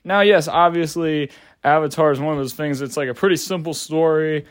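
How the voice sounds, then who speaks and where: A man's voice: a little high, a little fast, smooth, dry recording, clean studio sound. A young adult man giving a casual movie review, rambling with lots of filler words and casual swearing.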